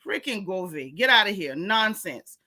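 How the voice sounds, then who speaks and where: A woman's voice: medium pitch, sing-song, measured pace, pushed and bright. A woman from Florida with a Florida accent, hosting a live-stream and reading out chat comments in a sassy, blunt way, repeating her punchlines.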